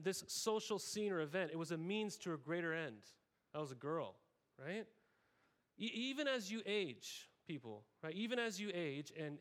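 A man in his thirties with a voice pitched above the usual delivers a casual, talky sermon. He keeps checking in with the congregation through "right?" and slips into little voices for the people he quotes. He is from Oregon and preaches as a pastor. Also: a bit bright. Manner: conversational, frequent "right?" tags, acts out quoted voices.

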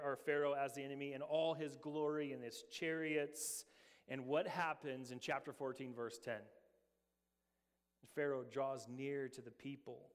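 A man's voice: medium pitch, long reverb tail. A middle-aged man preaching a sermon as pastor, earnest, asking many rhetorical questions and often repeating words.

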